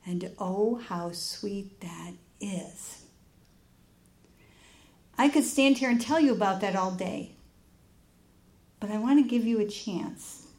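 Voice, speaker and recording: A woman preaching in a church, telling a personal story with lively acted-out dialogue. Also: medium pitch. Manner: animated storytelling, acts out dialogue.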